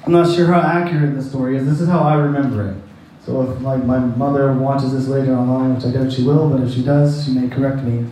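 A man's voice: medium pitch, steady tone, a little fast, dark tone, a little hiss or hum. A man preaching a sermon who tells a personal story in a rambling, folksy way and laughs at his own jokes. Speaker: pastor. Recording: echoey hall, distant mic.

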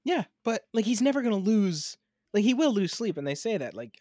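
A man co-hosting a podcast in casual chat, quick, opinionated and profane. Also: sits high, very animated, warm tone, dry recording, studio quality. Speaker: podcast co-host.

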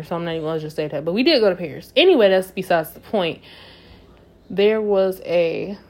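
Young adult woman, casual monologue to camera; emphatic, shifts from quiet reflection to loud conviction. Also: fairly low pitch. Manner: emphatic, swings from soft musing to loud passionate outbursts.

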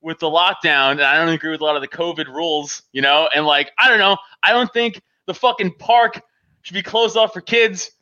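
A man's voice: fairly high pitch, fairly quick, sharp tone, lo-fi sound. A man on a podcast casually telling a profane story about himself, laughing often and swearing freely.

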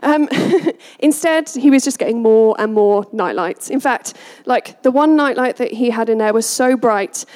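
A woman parent giving a personal storytelling talk, animated and laughing often as she acts out quotes. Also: a little high, unhurried, few pauses.

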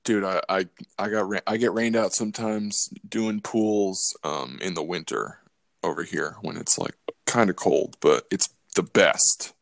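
A man's voice: sits low, measured pace, gravelly, no room sound, studio quality. A man co-hosting a podcast in casual chat, laid-back and joking, swearing now and then. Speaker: podcast co-host.

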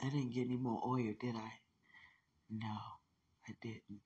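A woman's voice: extremely low pitch, little pitch movement, measured pace, mellow, slightly rough, highs cut off. A woman rambling to herself in an emotional monologue, sighing and praying aloud as she talks. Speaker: mother talking to herself.

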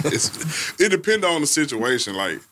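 A man's voice: a little high, normal speed, a little hiss or hum. A man co-hosting a podcast, telling stories in casual chat and laughing often. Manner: animated storytelling, laughs often. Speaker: podcast co-host.

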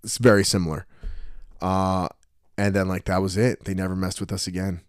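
Deep-voiced young guy chatting, acts out stories, dry sound. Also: moderate pace, smooth, no echo. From New Jersey. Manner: storytelling, animated quoting of others. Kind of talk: casual podcast chat.

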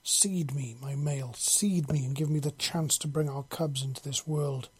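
A man voicing a loving female alien huntress in a soft, purring, flat reading for a storybook. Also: a little high, normal speed, breathy edge. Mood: tender.

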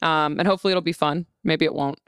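Woman podcast host, smooth clear voice, dry deadpan teasing, dead dry room. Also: low voice, quick pace, dry recording. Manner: dry, teasing, laughs often. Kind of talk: casual comedy podcast chat. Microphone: studio podcast mic.

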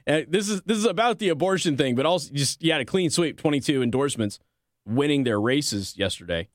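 A man's voice: on the high side, animated, fairly quick, no room sound, clean studio sound. Sarcastic male political commentary host. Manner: sarcastic, combative asides between read passages. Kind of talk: reading news articles aloud with commentary.

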